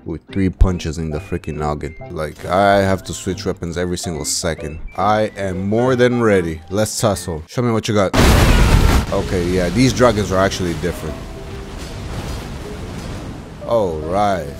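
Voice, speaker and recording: A man giving animated let's-play commentary as a gaming YouTuber, ranting and swearing mildly with sudden shouted outbursts. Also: deep voice, normal speed, music in the background.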